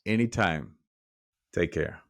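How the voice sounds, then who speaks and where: A man, a life coach guest on a podcast, telling a parable with lively acted-out dialogue. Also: low voice, slow. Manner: animated storyteller acting out dialogue. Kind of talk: storytelling in conversation.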